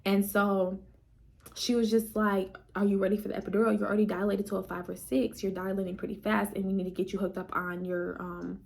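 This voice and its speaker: Young woman, casual storytelling, animated, chatty, talks to viewers directly. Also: mid-range voice, a little fast, creaky. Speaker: vlogger.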